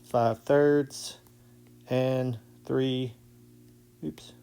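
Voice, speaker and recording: A man's voice: medium pitch, level tone, extremely slow, vocal fry, mellow, clear, resonant tone. A male math teacher walking through a casual whiteboard lesson step by step, often checking in with "okay?".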